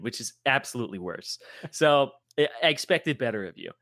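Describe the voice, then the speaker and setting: A former esports commentator co-hosts a casual gaming podcast, ranting with exasperated, animated energy, swearing freely and laughing at his own jokes. His mid-range voice moves at normal speed in a studio-quality recording with no room sound.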